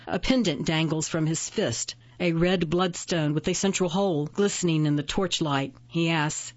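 A woman narrating a fantasy story in a steady, measured reading. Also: low voice, dull audio. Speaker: audiobook narrator. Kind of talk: scripted narration.

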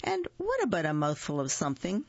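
A woman's voice: fairly low pitch, wildly swooping pitch, a little fast, darkish tone, no echo, lo-fi sound, full character voice. A woman voicing a prim, fussy, cautious male rabbit in a children's story.

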